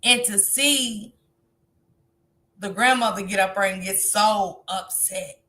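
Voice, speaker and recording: Bright-voiced woman hosting a live stream. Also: mid-range voice, slow. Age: grandmother. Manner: animated, talks straight to viewers. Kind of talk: casual live stream commentary.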